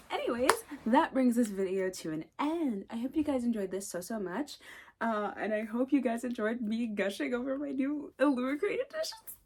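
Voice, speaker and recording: A young woman chatting excitedly in a casual vlog, gushing, gasping and dropping into whispers. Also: on the high side. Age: young adult. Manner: gushing, excitable, repeats herself, gasps and whispers. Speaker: booktuber.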